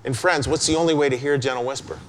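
A man preaching a sermon as a pastor, chatty and conversational, dropping into a soft hush to stress a point. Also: medium pitch, very fast. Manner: conversational, drops to a hush for emphasis. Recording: long hall reverb.

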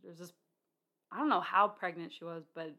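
A woman talking films in a relaxed back-and-forth, her voice sitting a little low. She rambles and restarts her sentences, with plenty of fillers. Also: quick pace. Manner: chatty, many fillers and restarts. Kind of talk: casual film discussion.

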